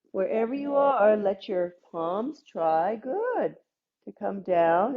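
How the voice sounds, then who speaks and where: A woman teaching a gentle yoga class, calmly cueing breaths and movements with playful asides. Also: lowish voice, gravelly, husky, dull audio. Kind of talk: guided yoga class instruction.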